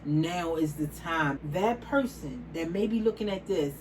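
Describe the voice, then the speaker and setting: A woman's voice: low-pitched, lively intonation, a little slow, a little mellow, slight background noise, low-quality recording. A woman in her forties talking casually to camera, outspoken and emphatic, repeating phrases for stress. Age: 40s. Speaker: vlogger.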